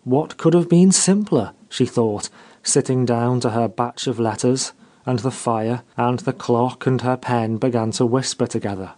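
Guy narrating a story, warm mellow voice, measured, expressive. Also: medium pitch. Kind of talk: storybook reading.

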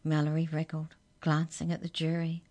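A woman reading a children's story aloud as a storyteller, with clear, expressive narration. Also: deep voice, moderate pace.

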